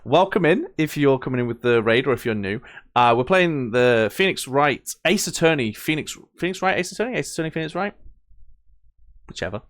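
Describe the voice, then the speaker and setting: A man's voice: medium pitch, animated, a little fast, a bit bright. A man live-streaming a game, chatting playfully and greeting viewers. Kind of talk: casual live-stream chat.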